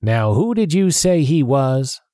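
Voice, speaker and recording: A cheery, booming tavern keeper with one leg, as a man reads him aloud. He speaks with a hearty friendliness in a storybook reading. The sound is close and dry, with no room around it. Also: big pitch swings, a little slow, warm tone, no room sound.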